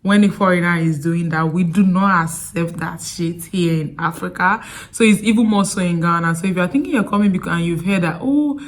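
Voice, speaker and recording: A woman's voice: fairly low pitch, a little fast. A woman with a Nigerian accent telling stories in a sit-down vlog, chatty and prone to digressions. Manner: chatty, digressive, animated storytelling. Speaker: vlogger.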